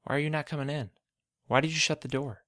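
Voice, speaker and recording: A man's voice: a little high, steady tone, quick pace, a bit bright, dry recording, pitched above the performer's own voice, close to an everyday voice. A man voicing a frightened, distrustful boy in a storybook reading, with an anxious, pleading way of talking. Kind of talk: storybook narration.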